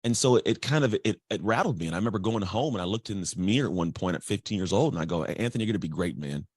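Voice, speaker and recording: A man telling his life story as a guest, energetic and chatty, acting out other people's voices. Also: on the low side, very fast, slightly rough, dry recording, clean studio sound. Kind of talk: candid storytelling.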